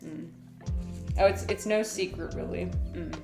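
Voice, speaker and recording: A woman's voice: fairly low pitch, steady tone, measured pace, gravelly, echoey room, music in the background. A woman chatting casually on a live stream, giggling and rambling with lots of fillers.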